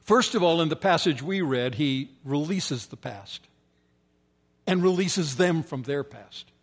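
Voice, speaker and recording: Male preacher with a slightly high voice, emphatic and repetitive, sometimes sinking to a hush. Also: expressive, measured pace. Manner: emphatic repetition, often dropping to soft, low tones. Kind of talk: sermon.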